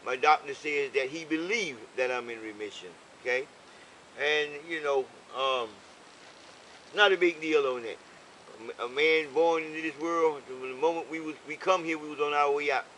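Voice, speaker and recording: A man's voice: fairly high pitch, normal speed, bright, forceful tone, slight background noise, rough recording. An older man telling a roadside story in casual conversation, preachy and leaning on "okay?" for emphasis. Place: in a vehicle.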